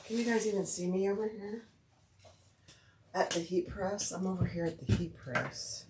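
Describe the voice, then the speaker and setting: A woman's voice: mid-range voice, normal speed, noisy background. A woman hosting a live sewing stream, chatting casually as she works and greeting viewers by name. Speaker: sewing livestream host. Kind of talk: casual live crafting chat. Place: home sewing room.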